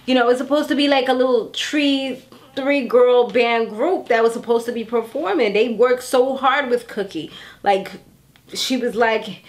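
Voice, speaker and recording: A woman in her thirties casually recapping a TV episode in a chatty, animated way, acting out characters' lines as she goes. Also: fairly high pitch, measured pace. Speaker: TV recap vlogger. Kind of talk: casual chat.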